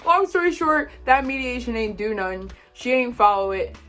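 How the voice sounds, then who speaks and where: A woman's voice: fairly high pitch, expressive, moderate pace, a bit bright, soft background music. A young woman vlogging a casual storytime, exasperated and full of slang.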